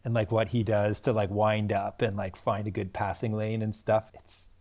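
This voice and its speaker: A tired man, chatting casually with a friend while they solve a crossword together, quick to laugh at his own jokes. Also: fairly low pitch, little pitch movement, darkish tone. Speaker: podcast co-host. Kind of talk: casual chat solving a crossword. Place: Kathmandu.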